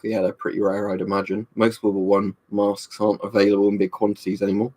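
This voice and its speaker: A man's voice: lowish voice, steady tone, brisk, hardly any pauses. Chatty young man on a home live stream. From United Kingdom. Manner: rambling and chatty, with frequent "um" and "you know". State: slightly tipsy from a drink. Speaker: livestream host. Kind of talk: casual live stream chat, reading viewer comments. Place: room at home.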